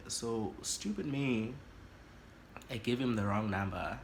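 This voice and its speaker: A man, telling a story on his vlog in an animated, dramatic way. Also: slow pace, gravelly, pauses often, slight background noise. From South Africa. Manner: animated and dramatic, swoops high in pitch for effect. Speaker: YouTuber.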